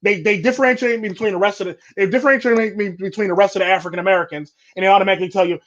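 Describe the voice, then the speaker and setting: A man's voice: high-pitched, steady tone, very fast, few pauses, muffled recording. A man hosting a casual chat, talking bluntly and rambling with repeated stock phrases. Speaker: podcast host.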